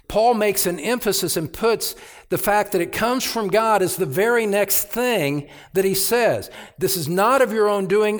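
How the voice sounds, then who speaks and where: A male pastor preaching an expository sermon, emphatic, repeating phrases and swinging from hushed asides to loud outbursts. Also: high voice, expressive, measured pace. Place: church sanctuary.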